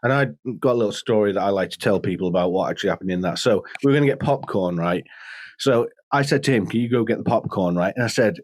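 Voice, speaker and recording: Animated man telling film stories. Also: fairly low pitch, quick pace, no room sound. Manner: animated storyteller, laughs often, does impressions. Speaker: podcast co-host. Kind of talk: casual chat.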